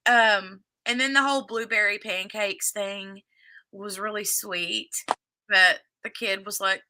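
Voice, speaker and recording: A woman's voice: medium pitch, a little slow, noisy background. A woman hosting a casual livestream, chatty and laughing often as she greets viewers by name and recaps a TV episode. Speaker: livestream host.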